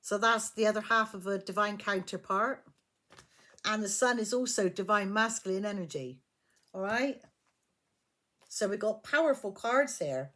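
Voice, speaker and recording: A woman's voice: medium pitch, animated, moderate pace, pauses often, fairly bright tone. Blunt, emphatic woman reading tarot. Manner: blunt, emphatic, swears freely. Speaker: tarot reader.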